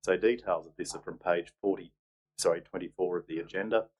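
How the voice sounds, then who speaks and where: Deep flat-voiced mayor. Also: male voice, fairly quick, highs cut off, slight background noise. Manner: businesslike, dry asides. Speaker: mayor chairing a council meeting. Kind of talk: formal meeting chairing.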